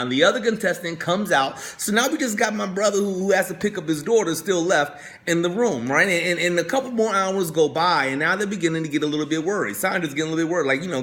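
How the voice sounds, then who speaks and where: A man's voice: a little high, fast, hardly any pauses, a bit bright. A male coach telling a story in a motivational talk, talking conversationally, repeating words and often asking "right?". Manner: conversational, keeps checking in with "right?".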